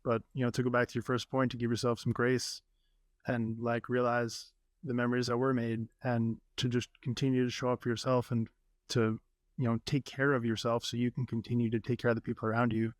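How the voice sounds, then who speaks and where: A man's voice: mid-range voice, flat delivery, brisk, no room sound, clean studio sound. A man hosting a podcast, talking earnestly with his guest in a casual interview. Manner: earnest, warm-hearted, many fillers. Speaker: podcast host.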